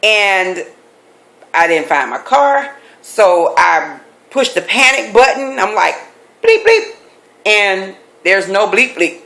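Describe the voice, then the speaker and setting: A middle-aged woman, a life coach, telling a personal story with animated, emphatic delivery, repeating key phrases for effect. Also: mid-range voice, slow pace, gravelly. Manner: animated, acts out quoted voices; emphatic repetition.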